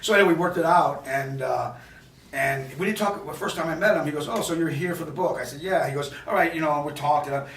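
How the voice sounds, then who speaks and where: A man, a film director from New York, telling a rambling, animated story in an interview at a film festival, with many restarts. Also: on the high side, quick pace, a little hiss or hum. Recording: echoey, distant mic with faint ambience.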